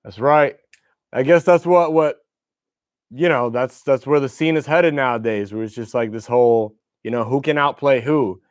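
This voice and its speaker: A man's voice: mid-range voice, normal speed, no echo, studio quality. A young man hosting a livestream, telling rambling, profane stories about guitars in casual chat. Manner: loose, profane, rambling storytelling. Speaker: livestream host.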